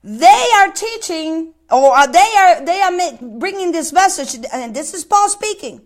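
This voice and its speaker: A woman preaches a sermon in a high voice. She talks with fervor, repeats herself often and reads scripture aloud between her own remarks. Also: lively intonation, normal speed, few pauses. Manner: impassioned preaching with repetitions and quoted scripture. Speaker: pastor.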